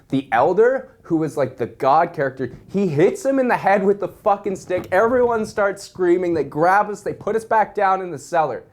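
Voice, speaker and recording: A young man telling a wild story in a casual, animated way, swearing constantly. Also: on the high side.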